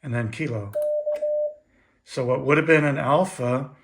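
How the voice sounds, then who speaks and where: A man at his home radio station giving a casual how-to demonstration, explaining in a relaxed way with frequent fillers. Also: medium pitch, unhurried, creaky. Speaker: ham radio operator explaining iambic keying. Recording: echoey room with audible background noise.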